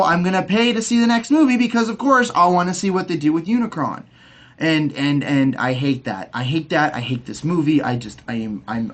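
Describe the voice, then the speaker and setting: A man's voice: on the high side, a bit bright. A young man ranting in a casual video review, swearing, heated, often stumbling over his words with repeated restarts. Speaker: movie reviewer.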